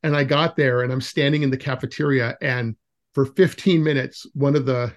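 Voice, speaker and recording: A man's voice: medium pitch, moderate pace. A man hosting an interview podcast, chatting casually and telling stories with frequent laughs. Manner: laughs often, animated when retelling stories. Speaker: podcast host interviewing an educator. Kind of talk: casual conversational storytelling.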